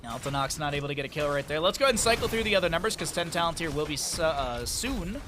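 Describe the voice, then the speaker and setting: A man's voice: a little high, animated, quick pace, noisy background. A man casting a video game match play by play, calling the action and slipping in chatty, joking asides. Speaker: esports caster.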